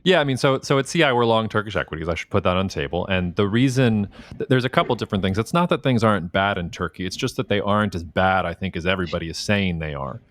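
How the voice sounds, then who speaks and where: A man hosting a podcast, talking in a relaxed, thoughtful way and trailing off as he thinks aloud. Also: low-pitched, fast talker. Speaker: podcast host. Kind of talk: casual podcast conversation.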